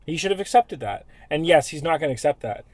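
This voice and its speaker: Male podcast co-host; blunt, emphatic, casual, a bit high-pitched. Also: expressive, fast talker, darkish tone, no echo. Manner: emphatic, swears freely. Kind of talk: casual chat.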